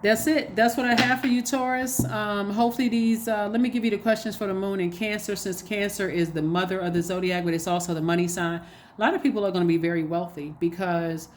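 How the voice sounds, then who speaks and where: Woman tarot reader, lower voice, casual and preachy, light background noise. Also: fast. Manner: animated, repetitive, preachy exhortations. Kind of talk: casual spoken tarot reading.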